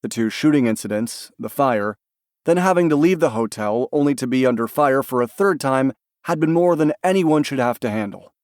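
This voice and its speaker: A man reading a novel aloud as an audiobook narrator, in a calm, even storytelling manner. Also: medium pitch, normal speed, no room sound, clean studio sound. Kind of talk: scripted narration.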